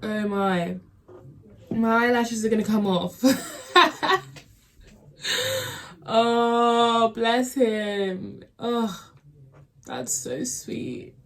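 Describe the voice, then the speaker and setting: A woman's voice: fairly high pitch, very slow, pauses often, a bit bright. A young woman hosting a movie reaction, chatting with emotion and a lot of filler words. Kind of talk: casual reaction commentary.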